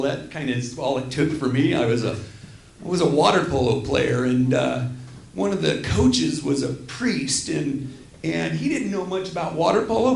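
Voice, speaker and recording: A man's voice: a little high, vocal fry, slight background noise. A middle-aged man performing a stand-up set on a small theater stage, self-deprecating and rambling, often breaking off to apologize. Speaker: stand-up comedian. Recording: roomy live theater sound.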